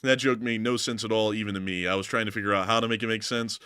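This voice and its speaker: A man's voice: lowish voice, fast, clear, resonant tone, no echo, studio quality. A man hosting a war news show, giving casual, joking commentary over battle footage. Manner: joking, animated, self-mocking.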